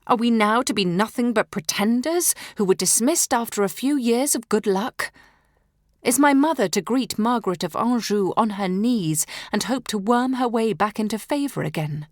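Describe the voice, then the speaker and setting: A woman's voice: a little high, lively intonation, normal speed, no echo, studio quality. Dramatic woman narrating a historical audiobook. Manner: dramatic and emotive, dropping into whispers at tense moments. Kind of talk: scripted first-person historical narration.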